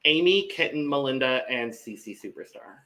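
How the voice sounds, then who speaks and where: A man co-hosting a casual podcast chat, reading out lists in a measured way. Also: medium pitch, lively intonation, bright, forceful tone. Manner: measured, list-reading delivery. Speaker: podcast co-host.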